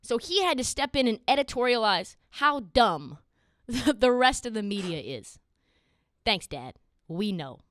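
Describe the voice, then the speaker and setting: A young woman hosting a sports podcast, talking in a casual, sarcastic and animated way. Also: fairly high pitch, no room sound, clean studio sound. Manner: animated, sarcastic, quick asides. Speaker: podcast host.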